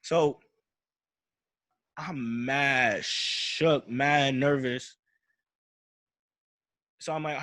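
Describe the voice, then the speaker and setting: A young man recounts a personal story in loose, slangy talk, circling back with "I'm like." His voice sits at a middle pitch, recorded dry with no room sound around it. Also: steady tone, very slow, long pauses, pushed and bright, no echo. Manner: slangy, repeats "I'm like" and restarts while retelling. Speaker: podcast host.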